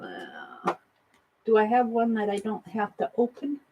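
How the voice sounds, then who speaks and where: A woman talks her way through an art journal page at her craft desk, unhurried and easygoing. She chats to viewers and herself, dropping into soft murmured asides as she works. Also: mid-range voice, huge pitch swings, creaky, muffled recording, a little hiss or hum. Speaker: art journaling livestream host. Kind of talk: casual crafting narration.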